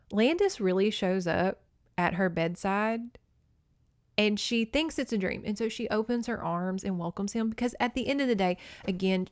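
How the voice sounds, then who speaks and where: A woman's voice: mid-range voice, dry recording, clean studio sound. A woman hosting a podcast, recapping a book in casual, candid talk with plenty of swearing, and acting out the characters as she goes. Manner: candid and profane, with frequent swearing; animated storyteller who acts out the characters' lines. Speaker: podcast host.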